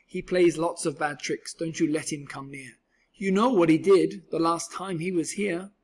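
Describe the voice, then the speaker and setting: A fretful, bossy little girl from a storybook who warns and scolds. Her voice is lifted high with a husky grain, a man reading aloud putting her on. She sounds anxious and insistent. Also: steady tone, moderate pace, close to an everyday voice. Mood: worried.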